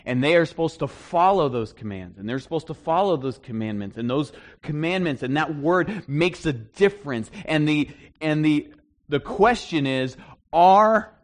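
A middle-aged man, a pastor, preaching a conversational sermon to a congregation in a church hall. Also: mid-range voice. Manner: conversational teaching, animated and emphatic at points.

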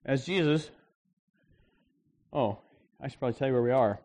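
A man's voice: mid-range voice, normal speed, a little mellow. A man preaching a sermon at a church service in a conversational, emphatic way, reading scripture and then explaining it. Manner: conversational preaching, emphatic, acts out the people in the story. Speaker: pastor.

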